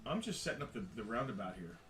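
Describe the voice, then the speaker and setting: A man's voice: mid-range voice, sing-song, fast talker, a bit bright. A man co-hosting a live toy sale, chatting casually and explaining at length. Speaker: co-host and toy seller. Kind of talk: casual live-stream sales chat. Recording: echoey room, mic at a distance.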